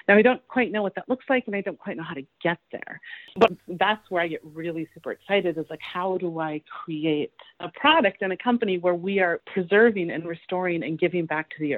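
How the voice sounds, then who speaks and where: A woman's voice: lowish voice, no room sound. A woman guest on a podcast interview, chatty and enthusiastic, often laughing as she talks. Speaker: guest, candy company founder. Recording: tinny phone-line sound, dry.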